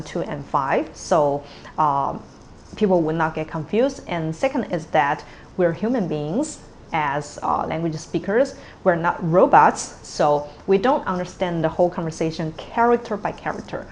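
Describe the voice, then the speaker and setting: Woman tutor, slow deliberate delivery, patient step-by-step explainer, faint background hiss. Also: lowish voice. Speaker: language teacher. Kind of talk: tone pronunciation lesson.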